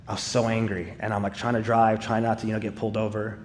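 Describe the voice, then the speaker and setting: A man's voice: fairly low pitch, fairly even intonation, racing, hardly any pauses, a little hiss or hum. A man giving a live testimony in church, telling his story in an earnest, conversational way with casual fillers. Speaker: speaker sharing a personal testimony.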